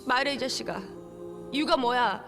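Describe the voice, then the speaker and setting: Actress doing a heartbroken gf screaming at her bf, tv drama, super fast and high. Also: music in the background, lightly acted. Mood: furious. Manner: shouting and rapid-fire. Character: young woman, furious heartbroken girlfriend. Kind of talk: TV drama acting.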